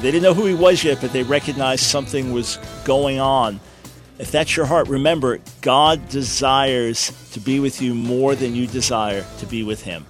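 Male radio host over faint music. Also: mid-range voice. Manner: warm, encouraging, addresses listeners directly. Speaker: radio talk show host. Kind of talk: radio interview.

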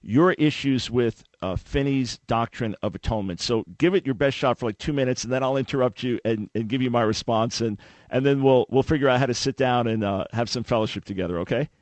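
A man's voice: medium pitch, fairly quick, no echo. Dry-voiced male radio host. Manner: interjecting, repeats words when starting a thought. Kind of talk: theological debate with a caller.

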